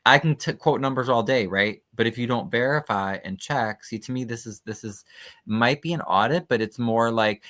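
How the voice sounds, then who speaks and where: A man's voice: medium pitch, moderate pace, fairly bright tone. A man hosting a casual livestream, commenting skeptically and chattily on documents he reads aloud, with frequent fillers. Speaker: livestream host.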